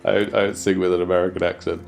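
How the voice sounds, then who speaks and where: A man livestreaming a game, chatting casually with viewers while badly congested from a cold, joking and swearing, with sudden bursts of excited shouting. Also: low voice, fast talker, creaky. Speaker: livestreaming gamer. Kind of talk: casual live gameplay chat. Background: music.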